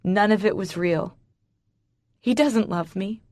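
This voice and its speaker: A woman's voice: mid-range voice, takes it slowly, darkish tone, no echo, clean studio sound. A woman narrating a romance audiobook in the first person, with intense emotional storytelling.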